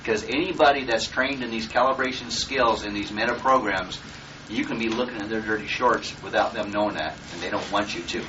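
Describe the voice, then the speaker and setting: A man's voice: lowish voice, a little fast. A man giving a live seminar talk in a blunt, profane way, often checking in with his listeners. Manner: blunt and profane, checks in with "okay?" and "does that make sense?". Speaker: seminar instructor. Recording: distant, dull lo-fi room recording with faint noise.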